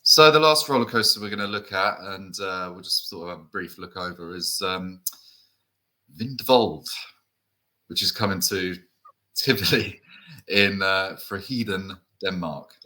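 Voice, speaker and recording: A man's voice: sits low, measured pace, bright, forceful tone, low-quality recording. A man from the UK co-hosting a podcast, chatting casually with lots of fillers and tag questions. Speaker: co-host. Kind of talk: casual enthusiast chat.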